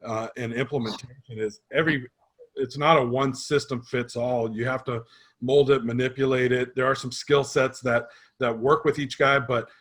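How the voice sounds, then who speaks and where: A man hosting a conversational interview about sports vision training, casual and relaxed, with many fillers. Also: mid-range voice, normal speed.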